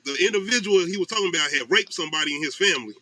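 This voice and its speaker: A man hosting a casual podcast chat, animated and loose, with lots of fillers. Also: high-pitched, very fast, low-quality recording. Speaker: podcast host.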